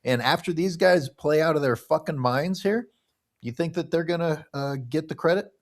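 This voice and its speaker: A man's voice: on the high side, moderate pace. A man co-hosting a live basketball reaction stream, blunt and opinionated, swearing casually. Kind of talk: casual sports talk.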